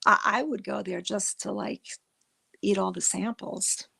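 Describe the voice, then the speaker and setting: Middle-aged woman, livestream host, casual rambling chat, slow pace, gravelly voice. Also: medium pitch, fairly even intonation, sharp tone. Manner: chatty, rambling, frequent restarts.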